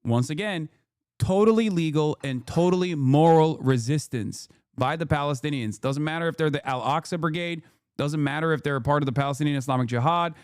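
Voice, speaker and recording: A fired-up male streamer rants into a desk mic, pressing his points again and again with plenty of swearing. His voice sits a little higher than most men's. The sound is close and dry, with no room around it. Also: a little mellow, smooth, dry recording. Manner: heated, profane, emphatic and repetitive. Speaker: streamer host. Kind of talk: political commentary stream.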